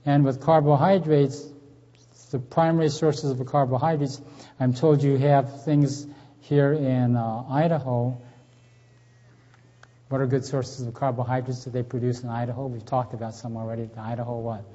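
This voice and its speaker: At normal speed and with little pitch movement, a middle-aged man with a dark, medium-pitched voice leads a church health seminar. He keeps it folksy, questioning the live audience and joking, though the lo-fi recording sounds dull and the hall reverberates.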